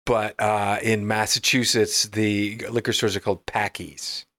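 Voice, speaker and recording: A man's voice: fairly low pitch, level tone, measured pace, fairly bright tone, no echo. A man co-hosting a podcast, chatting casually with sardonic, swearing reactions. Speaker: podcast co-host. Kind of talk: casual chat.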